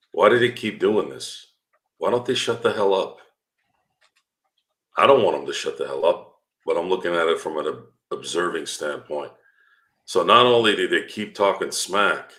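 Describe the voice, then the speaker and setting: A man's voice: low voice, fairly bright tone. A man talking heatedly as a guest on a fan podcast, asking rhetorical questions and swearing freely. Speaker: guest commentator. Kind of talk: casual podcast chat.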